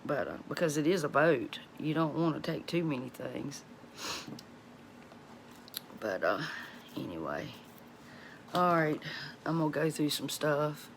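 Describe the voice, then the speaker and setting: A woman's voice: deep voice, animated, unhurried, vocal fry, pauses often, a little hiss or hum. Folksy woman chatting at home. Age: middle-aged. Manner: folksy and chatty, laughs often. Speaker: cooking channel host. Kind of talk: casual chat to viewers.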